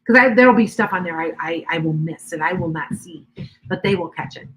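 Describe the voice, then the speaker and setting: A woman's voice: lowish voice, brisk, fairly bright tone, rough recording. An older woman hosting a live stream as a psychic reader, chatting casually and rambling, with many restarts and asides to her viewers.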